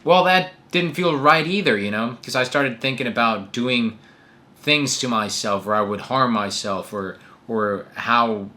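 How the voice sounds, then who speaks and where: A young man in his twenties telling a personal story to camera in an earnest, animated way. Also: medium pitch, measured pace. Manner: earnest, animated retelling with acted quotes. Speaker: vlogger. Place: New York City.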